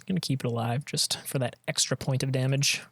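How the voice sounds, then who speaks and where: A man's voice: medium pitch, fairly even intonation, a little fast, fairly bright tone, no echo. Man streaming a card game; chatty play-by-play that trails off, mid-range voice, dry close mic. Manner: thinking aloud, trailing off and restarting. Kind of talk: casual gameplay commentary.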